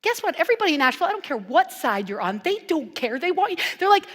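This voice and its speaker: Woman minister preaching casually, lively and joking then soft and earnest, big echoey church. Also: sits high, rapid-fire. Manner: animated, playful storytelling with hushed earnest passages. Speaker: guest minister. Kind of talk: conversational sermon. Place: church sanctuary. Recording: long reverb from a church hall.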